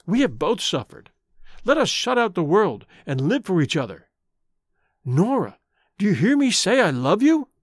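A male narrator plays an idealistic young man with lofty, romantic notions, speaking earnestly. The voice sits fairly high with a lively lilt, and the storybook reading sounds dry and close. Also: moderate pace, dry recording. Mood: impassioned. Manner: earnest, impassioned.

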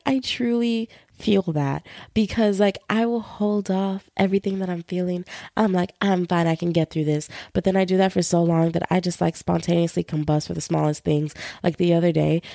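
Chatty young woman with gravelly low voice. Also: no echo, clean studio sound. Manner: chatty, playful, animated with voices for roommates. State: feeling unwell. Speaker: podcast host. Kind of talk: casual solo podcast chat.

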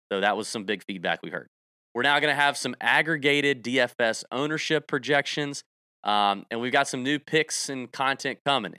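A man's voice: medium pitch, sharp tone, clear, resonant tone, no echo, studio quality. A man hosting a golf betting podcast, rambling through announcements and joking with his co-host. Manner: rambling, jokey, salesy announcements. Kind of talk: casual podcast chat.

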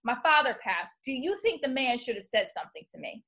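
A woman's voice: a little high, a little fast. A woman hosting a podcast, telling a story in casual comedic chat and acting out what people said. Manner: animated storytelling, acts out quotes. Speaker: podcast host.

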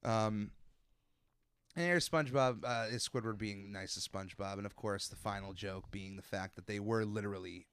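A man's voice: fairly low pitch, normal speed, fairly bright tone, smooth. A young man hosting a podcast, chatting casually with lots of fillers and restarts. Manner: rambling, many fillers and restarts. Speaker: podcast host. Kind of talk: casual chat.

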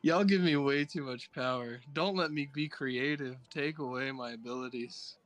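A man's voice: mid-range voice, a bit bright. A man playing a tabletop game, joking playfully with his friends. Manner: playful, quick to joke. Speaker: player.

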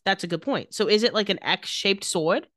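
A woman's voice: mid-range voice, normal speed, fairly bright tone, no room sound, studio quality. A woman co-hosting a podcast, casually recounting TV scenes with wry asides. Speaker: podcast co-host. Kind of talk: casual TV episode recap.

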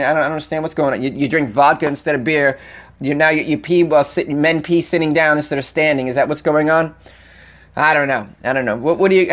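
A young man hosting a comedy news podcast, loose and jokey as he riffs to his listeners. His voice sits fairly high for a man and jumps around a lot, with frequent laughter. He sounds casual, animated and conversational throughout. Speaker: podcast host.

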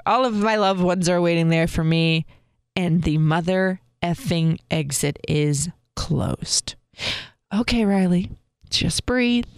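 A woman is telling viewers a personal story, open and expressive as she goes. Her voice is smooth and clear. The recording is dry and close. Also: fairly low pitch, slow, no echo. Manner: candid and expressive, talks straight to viewers. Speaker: vlogger.

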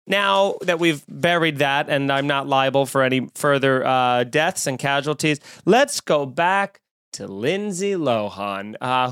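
A man's voice: sits high, a bit bright, clear, resonant tone, no echo, clean studio sound. A man in his thirties hosting a comedy podcast, ranting with sarcastic, mocking energy. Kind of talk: comedic rant.

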